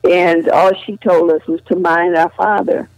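An older woman, a guest in conversation, earnestly tells a family memory, retelling dialogue and restarting phrases often. Her voice is fairly low, steady, and darkish, at a moderate pace. The recording is dry and low quality.

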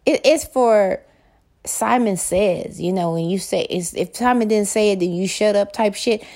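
A woman's voice: medium pitch, unhurried, darkish tone. A woman in a casual monologue, talking bluntly and swearing freely, acting out both sides when she retells arguments.

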